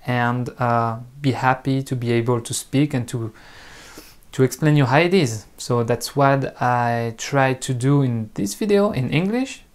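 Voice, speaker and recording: Speaking casually to camera, this online French teacher, a native French speaker with a French accent, goes slowly and deliberately with many pauses and restarts. His voice is medium-pitched and smooth.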